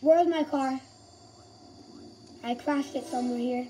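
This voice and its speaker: A woman giving casual, playful gameplay commentary as a gaming YouTuber, excitable and calling everyone bro. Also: high voice, a little slow, pauses often, background noise.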